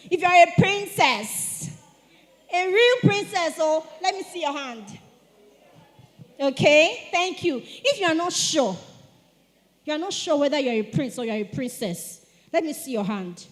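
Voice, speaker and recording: High-voiced woman teaching teens. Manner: animated, asks the audience to respond. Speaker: speaker at a teen church retreat. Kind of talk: lively teaching talk to teenagers. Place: church hall. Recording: long hall reverb.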